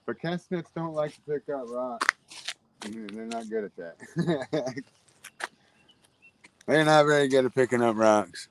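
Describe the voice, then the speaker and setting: A man's voice: medium pitch, slow, long pauses, a little hiss or hum. A man chatting casually while fishing outdoors, joking and laughing often. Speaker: fishing vlogger. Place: outdoors by a river.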